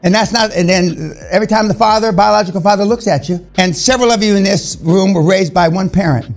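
An older man in his seventies, speaking with a slightly raised pitch as he lectures a seminar room. His talk is blunt, profane and confrontational, full of fillers. Faint music plays underneath. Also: fast talker, vocal fry. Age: 70s.

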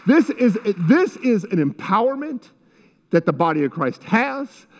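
A man's voice: high-pitched, big pitch swings, unhurried, darkish tone, slight background noise. A middle-aged male pastor preaching a sermon in a church, fervent and repetitive, breaking into spoken prayers. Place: church sanctuary. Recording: muffled sound with long hall reverb.

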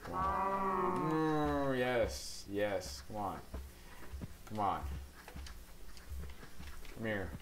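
A man chatting loosely through his gameplay, drifting from topic to topic and coaxing in-game animals with a playful, teasing manner. His voice sits at a middle pitch. Clicks and game sounds come through clearly behind him. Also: extremely slow, pauses often, fairly bright tone, slight background noise. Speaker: gaming channel host. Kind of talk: casual gameplay commentary.

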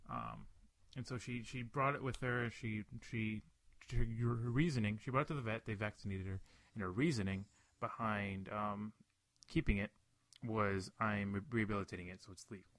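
A man's voice: on the low side, lively intonation, normal speed, fairly bright tone, no room sound. A young man hosting a casual podcast chat, telling a profane story full of restarts and fillers. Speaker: podcast host.

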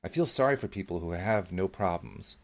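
A man reading as a gentle grandmotherly mentor. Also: sits low, fairly quick. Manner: calm, patient, reassuring. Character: older woman, grandmother, gentle wise mentor.

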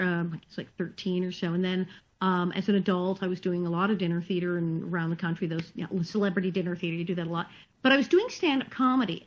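A woman actress chatting in an interview over a video call, telling animated stories with laughter. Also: on the low side, rough recording. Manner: animated, laughing, acts out quotes. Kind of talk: casual storytelling interview.

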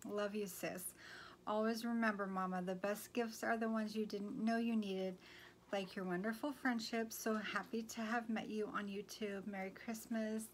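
A woman's voice: medium pitch, steady tone, normal speed, slight background noise. A woman vlogger chatting casually to her viewers, gushing and full of "um"s. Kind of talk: casual haul chat.

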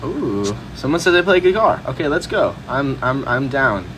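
A man's voice: medium pitch, sing-song, normal speed, rough recording. A young man hosting a casual livestream, chatting easily and answering fan questions. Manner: laid-back, chatty, sings snippets. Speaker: livestream host. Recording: music playing in the background.

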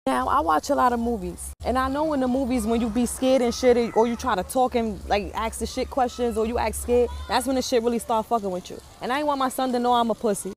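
A mother telling a story in a casual, animated way, full of swearing and drama. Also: a little high, quick pace, few pauses, a little hiss or hum.

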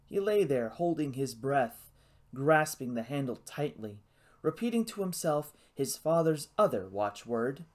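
A man narrating a novel as an audiobook in a hushed, suspenseful reading. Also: medium pitch, sing-song, unhurried.

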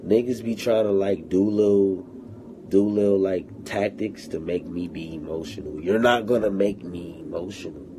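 A man's voice: deep voice, moderate pace, noisy background. A man streaming live to fans from his phone, in a profane, taunting, confrontational rant. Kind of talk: livestream rant.

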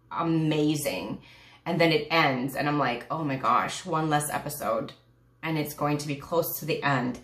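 A woman vlogger reviewing a TV series in casual chat, rambling and gushing with sighs, many fillers and restarts, close to tears. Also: sits low. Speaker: YouTube reviewer. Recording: echoey room.

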